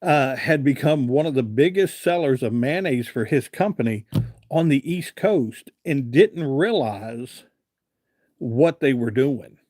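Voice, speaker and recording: A man's voice: mid-range voice, expressive, unhurried, darkish tone, no echo. A middle-aged man from hosts a casual live stream. He drifts through long folksy tales, stopping to read and answer comments from viewers. His mid-range voice sounds close and dry. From Virginia, USA. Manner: rambling, folksy storyteller who reads out and answers viewer comments.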